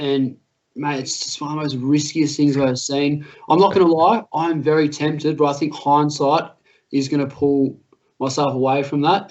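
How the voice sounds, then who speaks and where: A man's voice: mid-range voice, darkish tone, muffled recording. An Australian man co-hosting a casual sports podcast, chatty and matey. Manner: chatty, says mate often. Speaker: podcast co-host.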